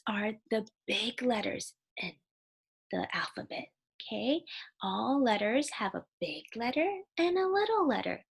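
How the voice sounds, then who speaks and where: A woman teaching a recorded kindergarten writing lesson, explaining slowly and patiently and sounding words out. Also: a little high. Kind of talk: recorded online lesson for young children.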